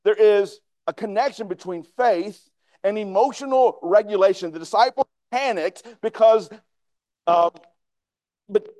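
A man with a high voice preaches a sermon, talking to the congregation in a conversational way and putting questions to them. The sound is dry and close, with little room echo. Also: a little mellow. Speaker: pastor.

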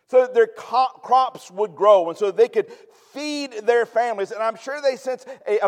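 A man's voice: high-pitched, long reverb tail. A man preaching a sermon in a conversational way, with humorous asides. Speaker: pastor.

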